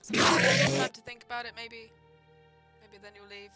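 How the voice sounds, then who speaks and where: A young woman doing casual gameplay commentary, chatting to the game's creatures and breaking into loud outbursts. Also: a little high, normal speed. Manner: chatty, talks to game mobs, bursts into loud yelps. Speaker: gaming video creator. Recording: loud game music behind. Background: game music.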